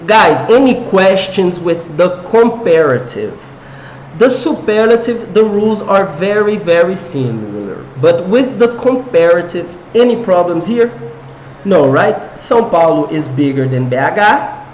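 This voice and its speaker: Brazilian guy teaching english online, bouncy pitch, slow and careful, echoey room, bit of hiss. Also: big pitch swings, lo-fi sound. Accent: Brazilian Portuguese. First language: Portuguese. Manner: engaging, asks viewers questions and reads comments aloud. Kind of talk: live online English lesson. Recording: echoey room with faint noise.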